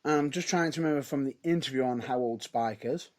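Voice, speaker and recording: Medium in pitch and quick in pace, this podcast co-host chats loosely about wrestling. He keeps hedging, often restarts his sentences, and his delivery has lively ups and downs.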